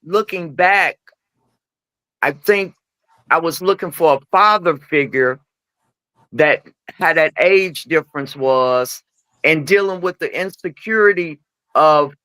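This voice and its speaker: A middle-aged woman telling candid personal stories as a podcast guest. She acts out the dialogue in her stories with lively voices. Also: deep voice, unhurried, no room sound. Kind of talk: candid storytelling chat.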